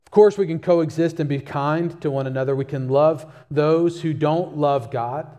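A man's voice: a little high, normal speed, mellow. Emphatic male preacher in a reverberant hall. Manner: emphatic, repeats key phrases for stress. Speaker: pastor. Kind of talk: sermon.

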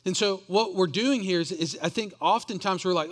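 Man, pastor, sermon, earnest, repeats words, slightly high voice. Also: brisk, few pauses. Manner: earnest, repeats words while building a point.

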